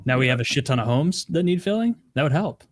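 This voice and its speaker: A man co-hosting a podcast who drops in quick, wry remarks during casual chat. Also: a little high, lively intonation. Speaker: podcast host.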